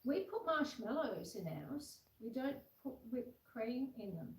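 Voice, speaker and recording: A woman with a high, expressive voice hosts a homestead livestream at a measured pace, sitting indoors at home with a puppy on her lap. She chats casually, reads viewer comments aloud, and coos at the puppy. A phone camera placed far back picks her up, so the sound is roomy and distant.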